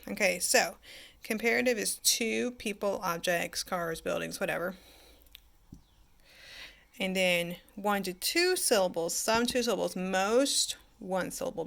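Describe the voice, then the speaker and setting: A woman's voice: mid-range voice, creaky. A woman teacher giving a chatty grammar lesson, asking her class questions and answering them herself.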